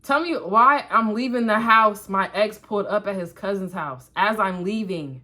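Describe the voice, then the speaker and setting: A woman's voice: mid-range voice, brisk. Young woman, vlogger, casual storytime, doing makeup, chatty, talks to viewers, lots of "like" fillers. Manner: chatty, animated storytelling that addresses the viewers directly; frequent "like" fillers and asides.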